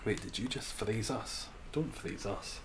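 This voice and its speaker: A man's voice: on the low side, unhurried, noisy background. A man streaming a game, chatting casually and answering his chat, laughing often.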